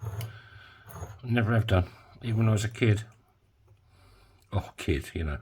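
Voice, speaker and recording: A man's voice: lowish voice, normal speed, a little mellow, breathy edge. A man talking casually while making a coin ring in his workshop, full of joking, rambling asides. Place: home workshop.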